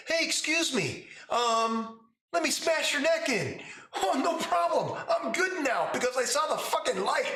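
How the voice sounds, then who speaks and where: A man doing a shape-shifting woman in a tabletop game, who flips from a small girl into a raging adult who curses, rants and mocks. The voice is pushed very high and swoops wildly. It is heard in an echoey room with faint noise behind. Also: sharp tone, exaggerated voice. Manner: ranting, cursing, mocking.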